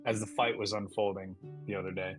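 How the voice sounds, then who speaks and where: A man's voice: fairly low pitch, steady tone, brisk, faint music behind, rough recording. A man playing in a tabletop game, describing his actions hesitantly with many fillers. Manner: hesitant, full of likes and ums. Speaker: player.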